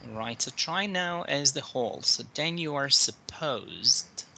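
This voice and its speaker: A man's voice: mid-range voice, lively intonation, slow pace, creaky, bright, forceful tone, a little hiss or hum, poor audio. A man teaching pronunciation in an online one-to-one English lesson, explaining patiently step by step over a video call. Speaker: English tutor.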